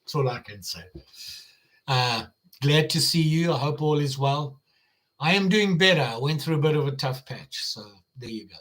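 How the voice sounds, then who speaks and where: A man's voice: a little high, animated, moderate pace, fairly bright tone. An older man with an American Midwestern accent, chatting casually on a live stream as the channel host, rambling with fillers and restarts.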